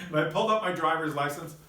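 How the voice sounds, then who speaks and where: A man from Canada telling a personal story in a casual, animated way, exclaiming and using lots of filler words. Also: fairly high pitch, far from the mic, a little hiss or hum. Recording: echoey room, off-mic.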